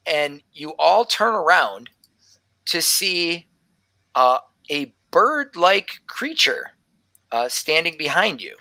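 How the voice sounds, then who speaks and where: Man game master narrating a tabletop game; bright, rambling, dry. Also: fairly high pitch, animated, unhurried, dry recording. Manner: rambling, many fillers and restarts.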